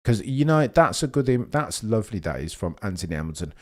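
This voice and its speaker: A young man hosting a live race watchalong, talking excitably and rambling while he reads out viewers' chat comments. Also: on the low side, a little fast. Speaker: live stream host.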